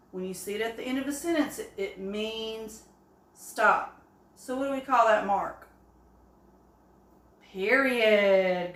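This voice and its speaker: A woman teaching an early-grade phonics lesson, speaking slowly and encouragingly. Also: medium pitch, fairly bright tone. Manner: slow, encouraging, with drawn-out examples. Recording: echoey room.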